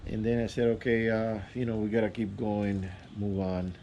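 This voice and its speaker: Man, low mellow voice, casual vlogger telling a rambling personal story with restarts, faint room ambience behind. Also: fairly even intonation, highs cut off, a little hiss or hum. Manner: rambling, halting, many restarts and fillers.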